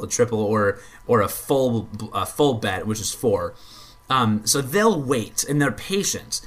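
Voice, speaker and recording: With a mid-range, fairly bright voice, a man gives a casual spoken review of a video game's card minigame. He rambles as a reviewer would off the cuff, frequently starting over and stating his opinions bluntly.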